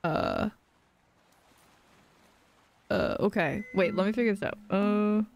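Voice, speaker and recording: A young woman live-streaming a game playthrough, playful and giggly, reacting out loud. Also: medium pitch, slow, gravelly, a little hiss or hum.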